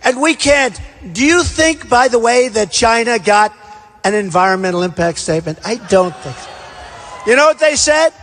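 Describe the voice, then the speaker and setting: A man with a high-pitched voice gives a boastful, repetitive campaign rally speech and drives his points home with blunt emphasis. His voice rings through a large hall with a long reverb tail. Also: expressive, normal speed, a bit bright. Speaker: political candidate at a rally. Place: large indoor rally venue.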